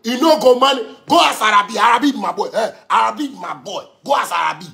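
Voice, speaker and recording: A man's voice: high-pitched, a little fast, gravelly, pushed and bright, soft background music. A man with a Ghanaian accent delivering an angry, profane rant to his audience, repeating himself for emphasis. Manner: heated, profane, repetitive.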